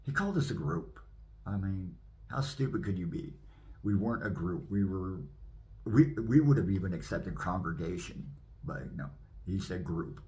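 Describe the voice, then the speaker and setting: Brief: low-voiced male minister, animated testimony storyteller. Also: moderate pace. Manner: animated, acts out scenes. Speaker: minister giving his testimony.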